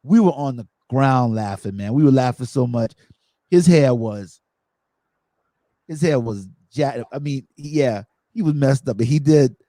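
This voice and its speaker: A man hosting a podcast in casual chat, telling funny stories with animated energy and acting out quotes. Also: mid-range voice, unhurried, no echo. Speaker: podcast host.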